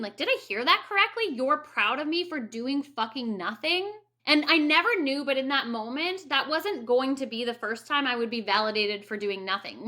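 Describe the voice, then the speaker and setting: A woman in her thirties tells her own story in a candid, blunt way and swears freely. Her voice sits high and sounds bright and a little sharp. She slips into lively quoted asides as she talks. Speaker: coach for women. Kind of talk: personal story monologue.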